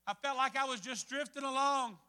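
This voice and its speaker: A man preaches with a strikingly high voice and a bright, forceful edge. He tells his story with sharp swings between hushed asides and loud bursts. His voice rings with the long reverb of a church hall. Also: a little fast, clear, resonant tone. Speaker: pastor. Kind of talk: sermon.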